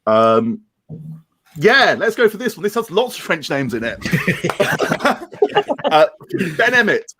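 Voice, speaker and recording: A man's voice: on the high side, big pitch swings, measured pace, pauses often, a bit bright. Man reading jokes, laughing at himself. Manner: self-deprecating, stumbling over French words. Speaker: producer reading listener jokes.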